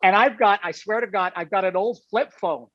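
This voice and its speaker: Telling a laid-back story at a moderate pace, a high-voiced man wanders through it and keeps padding his sentences with "like" and "you know". The recording is dull and lo-fi, completely dry, with no echo or room around it.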